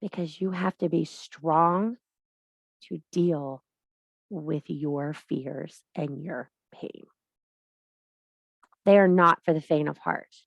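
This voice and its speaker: Here a spiritual teacher gives a blunt, preachy monologue straight to camera, lecturing the viewer with emphasis and swearing liberally. Her voice sits low and steady, slow and creaky, with frequent pauses; the recording has no room sound and its highs are cut off.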